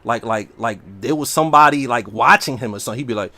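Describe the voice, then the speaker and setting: A man's voice: mid-range voice, quick pace, few pauses, no echo. A man chatting casually and brashly while streaming a game. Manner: brash, slangy, animated. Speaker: livestreamer. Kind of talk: casual gaming stream talk.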